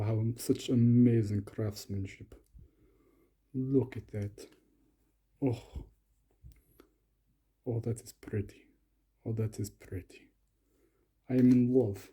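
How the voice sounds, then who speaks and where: A man's voice: on the low side, mellow, husky. A young man doing playful, comic commentary while unboxing lock picks, sometimes slipping into a mock Russian persona.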